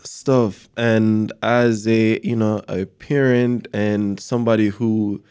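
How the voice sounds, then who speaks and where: A man hosting a podcast, asking a guest questions in a relaxed, thoughtful way. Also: on the low side, takes it slowly, smooth. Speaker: podcast host. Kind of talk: casual interview chat.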